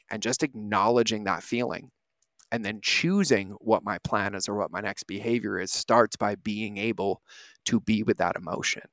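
A man's voice: lowish voice, normal speed, a bit bright, no room sound. A man in his thirties, a podcast host, giving an earnest, reflective motivational talk and often asking "right?".

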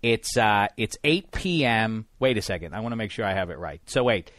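A man hosting a casual sports podcast, lively and jokey, talking with lots of fillers and restarts. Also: lowish voice, brisk, no echo. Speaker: podcast host.

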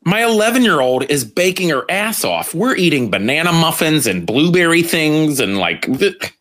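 Bright-voiced guy hosting a podcast, excitable, swears a lot, slightly high. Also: moderate pace. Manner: excitable, profane, laughs often. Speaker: podcast host. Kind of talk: casual podcast chat.

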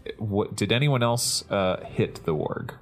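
A man playing a tabletop game, talking in a hesitant, halting way. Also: lowish voice. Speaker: player.

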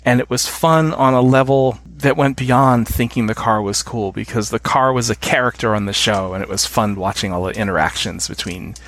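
A man's voice: medium pitch, moderate pace, hardly any pauses, fairly bright tone, a little hiss or hum. A middle-aged man with an American accent, a guest chatting casually in an interview, enthusiastic and chuckling often. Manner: enthusiastic, chuckles often, hums tunes while explaining. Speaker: podcast guest.

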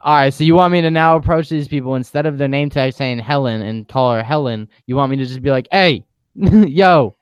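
A man's voice: mid-range voice, steady tone, fast talker, few pauses, smooth, dry recording. A young man co-hosting a casual chat, laid-back and self-mocking, laughing a lot.

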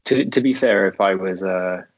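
A man's voice: low voice, moderate pace, no echo. A man co-hosting a podcast, chatting casually and agreeably, often laughing along. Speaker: podcast co-host. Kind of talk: casual watchalong chat. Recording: dry, dull lo-fi audio.

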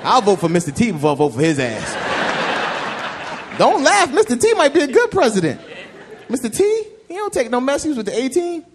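Lively high-voiced male comedian. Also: brisk. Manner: animated, conversational, swings between loud and quiet. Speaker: stand-up comedian. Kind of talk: stand-up routine. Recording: live club with laughing crowd and noise.

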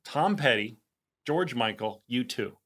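A man's voice: medium pitch, expressive, unhurried, fairly bright tone. A man co-hosting a podcast in casual chat, joking and rambling with many fillers. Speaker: podcast co-host.

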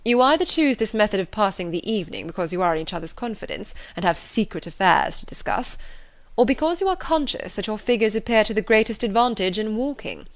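A woman reading the part of a proud, reserved young gentleman in a measured, formal way. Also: medium pitch, lively intonation, natural voice. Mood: grave.

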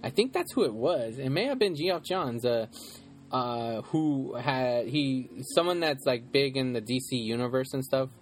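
A man co-hosting a casual movie podcast, rambling and animated and laughing often. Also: medium pitch, a little slow, faint music behind. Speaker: podcast co-host.

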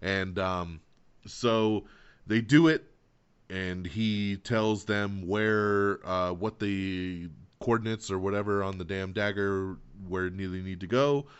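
A man with a lowish voice hosting a podcast, recapping loosely with many ums and frequent laughs. The sound is somewhat dull and lo-fi. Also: steady tone, slow, clear, resonant tone. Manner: laughs often, rambling recap with fillers. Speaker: podcast host. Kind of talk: casual chat.

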